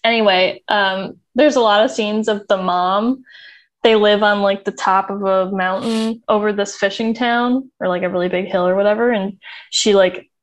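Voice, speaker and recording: A woman's voice: medium pitch, steady tone, moderate pace. A woman co-hosting a podcast in casual chat, a chatty storyteller who laughs often. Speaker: podcast co-host.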